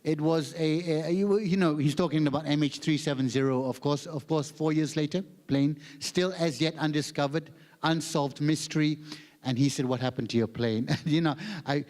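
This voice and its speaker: A man's voice: fairly high pitch, normal speed, darkish tone. A middle-aged Malaysian man with a Malaysian accent, telling a self-mocking stand-up story on stage and mimicking voices. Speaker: comedian, guest performer. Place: large hall on stage. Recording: long hall reverb.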